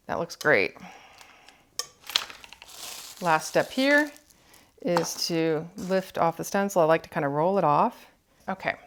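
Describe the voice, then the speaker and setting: A woman with a fairly low voice walks through a cookie decorating demonstration. She explains each step calmly as she works, thinking aloud about her choices. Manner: calm, explanatory, thinking aloud while working.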